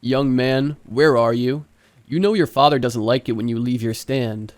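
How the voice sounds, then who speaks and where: Man doing a soft, menacing controlling dad, calm on the surface. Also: mid-range voice, a little slow, no room sound, lightly acted.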